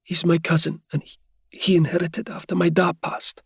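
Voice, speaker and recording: A man's voice: on the high side, level tone, moderate pace, vocal fry, husky, no room sound, studio quality, voice pushed up, full character voice. A man narrator voicing a cheerful, feverish young Scottish woman who stammers as she shivers. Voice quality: soft and stammering.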